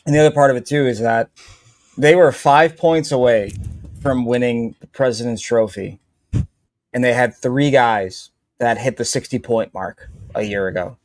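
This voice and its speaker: A man who works in sports radio, talking hockey in a lively, fast, casual way. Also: mid-range voice, no echo, clean studio sound. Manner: animated, fast storytelling with repeats.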